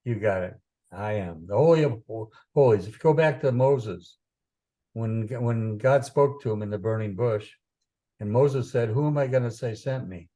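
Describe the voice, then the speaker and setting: A man's voice: lowish voice, moderate pace, dark tone. A man teaching astrology in an informal talk, rambling with many fillers and repeated phrases, sometimes taking on a preaching tone. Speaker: astrologer teaching chart interpretation.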